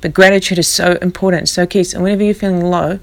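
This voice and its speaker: A woman with a low voice shares a personal spiritual vlog. She sounds tired and talks in a candid, reflective, rambling way. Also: steady tone, quick pace. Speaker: vlogger.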